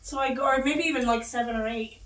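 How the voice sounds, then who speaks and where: A blunt, teasing woman co-hosting a casual talk show. Her voice is high, and she sits away from the mic in a roomy space. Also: steady tone, quick pace, recorded from a distance, slight background noise. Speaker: podcast co-host. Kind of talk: casual chat.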